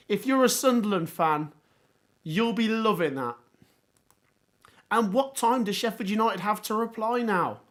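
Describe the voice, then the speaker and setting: Hoarse, excitable man. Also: very high voice. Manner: excitable, exclamatory, reacting live. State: hoarse, voice going. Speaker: livestream watchalong host. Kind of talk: live football watchalong commentary.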